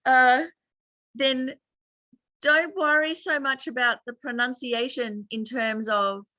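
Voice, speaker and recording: A woman's voice: high-pitched, steady tone, takes it slowly, pushed and bright, dry recording. An Australian woman teaching a chatty online meditation class, laughing often as she explains.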